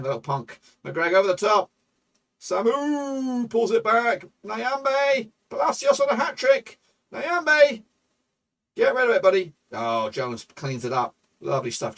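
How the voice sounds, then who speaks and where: A man with a gravelly, slightly high voice calls the action of his football management game, getting loud and swearing freely. He sits a little back from the microphone. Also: far from the mic. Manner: excitable, swearing, shouts at goals. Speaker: gaming YouTuber. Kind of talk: live commentary over a football management game.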